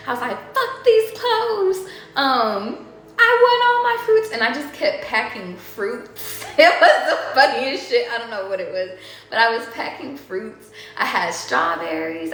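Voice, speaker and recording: A woman's voice: a little high, fairly bright tone. A woman tarot reader chatting casually, rambling between stories, swearing freely and laughing often. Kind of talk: casual chat. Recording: very echoey room, faint music behind.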